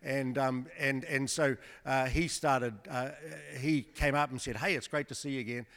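Man guest preacher, mid pitch, conversational and wry, long hall reverb. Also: fairly even intonation, normal speed, fairly bright tone. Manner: chatty, joking, with many restarts. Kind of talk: storytelling sermon testimony. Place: church service before a congregation.

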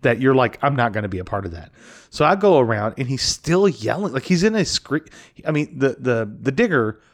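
A man's voice: medium pitch, fairly quick. A young adult man, a podcast co-host, telling a story in casual chat and acting out the quotes. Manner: animated, acts out quotes with profanity.

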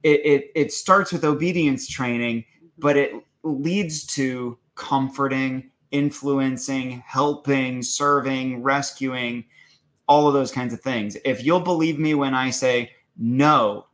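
A man's voice: medium pitch, fairly even intonation, takes it slowly, a bit bright. Earnest man explaining parenting ideas. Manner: earnest, explaining with repeated words. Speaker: co-host. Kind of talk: casual parenting talk.

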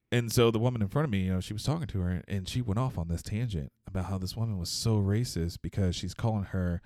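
Man, very low voice, rambling podcast storytelling, dry close sound. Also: brisk, a little mellow, dry recording. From Texas. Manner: rambling, many fillers and restarts.

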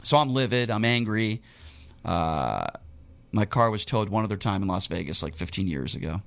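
A man telling a long personal story in casual talk, animated and indignant, with his voice jumping up in bursts. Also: on the low side, moderate pace, vocal fry. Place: Las Vegas local.

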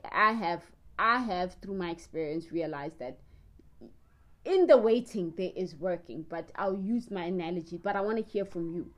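A woman hosting a casual faith discussion, putting probing questions to her guest with quick asides. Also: medium pitch. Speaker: host.

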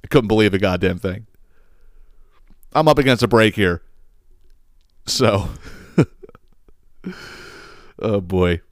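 A man hosting his own podcast, telling a story in a casual, profane and animated way, acting out the quotes. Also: lowish voice, takes it slowly, long pauses, no echo, clean studio sound. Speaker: podcast host.

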